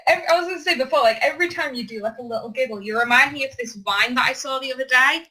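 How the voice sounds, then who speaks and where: A young woman co-hosting a casual chat podcast, giggling as she rambles through stories and swears freely. Her voice sits a little high with a bright, sharp edge. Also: fast talker, breathy edge, low-quality recording. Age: young adult. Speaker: podcast co-host.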